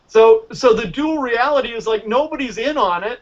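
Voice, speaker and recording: A man teaching magic as a guest, telling stories in a casual, animated way and acting out the dialogue. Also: very high voice, fairly quick, lo-fi sound. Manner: animated, acts out dialogue in quotes. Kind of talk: casual storytelling lesson.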